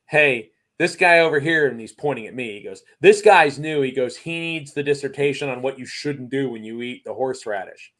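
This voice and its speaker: Man, guest in a casual chat, animated storyteller who acts out quotes, middle pitch. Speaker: racing series guest.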